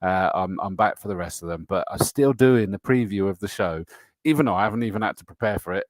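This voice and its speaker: A man's voice: deep voice, quick pace, no room sound. Chatty male livestream host. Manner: chatty and matey, frequent fillers and laughs. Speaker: host of a motorsport livestream show. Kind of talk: casual live-stream chat reading viewer comments.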